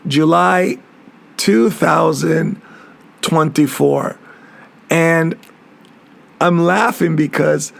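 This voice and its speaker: A man's voice: a little high, vocal fry. A middle-aged man hosting his own podcast as a capoeira master, talking earnestly and reflectively, often repeating and restarting his words. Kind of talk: reflective solo podcast monologue.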